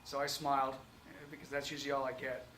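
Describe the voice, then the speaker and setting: A man's voice: medium pitch, little pitch movement, quick pace, a crowd in the background. A man hosting a video, telling a spiritual experience in an earnest, plainspoken way. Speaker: host. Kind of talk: casual spiritual testimony. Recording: echoey room with faint noise.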